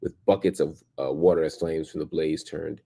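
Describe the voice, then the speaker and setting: A man's voice: very deep voice, fairly even intonation, brisk, warm tone, slightly rough. A man hosting a daily news stream, reading headlines and commenting casually, tired and exhausted. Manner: reads headlines then comments, with fillers and restarts.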